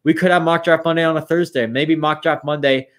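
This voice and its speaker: A man's voice: fairly high pitch, steady tone, fairly quick, a bit bright. A young man casually talking through picks on a live stream, thinking aloud and a bit tired. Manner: thinks aloud, rambling with restarts. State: yawning, tired. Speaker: streamer running mock drafts.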